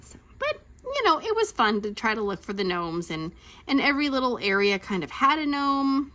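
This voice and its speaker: A woman in her thirties hosting a crafting channel, telling a rambling story in a chatty rant and acting out quotes in sudden high voices. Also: normal speed. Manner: rambling and animated, acting out quotes with big pitch jumps.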